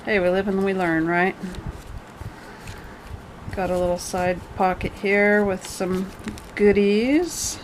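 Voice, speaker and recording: A woman's voice: mid-range voice, fairly even intonation, takes it slowly, long pauses, slight background noise, poor audio. A woman casually walking through her handmade journal page by page, chatty and rambling with jokey asides. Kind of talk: casual show-and-tell.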